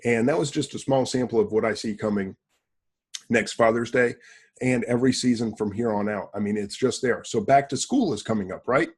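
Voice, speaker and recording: A man's voice: mid-range voice, a little fast, breathy edge. A man hosting a casual business podcast, talking bluntly and boastfully and answering his own rhetorical questions. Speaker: podcast host.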